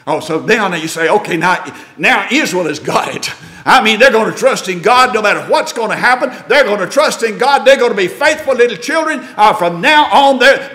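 A man's voice: high-pitched, sharp tone. A man preaching a sermon in a folksy, conversational way, asking his listeners rhetorical questions.

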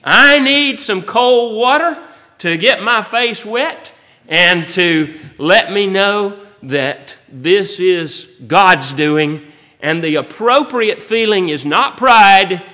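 A man's voice: sits high, bright, forceful tone. A man preaching a sermon as pastor. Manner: folksy preaching, rising to bold emphasis.

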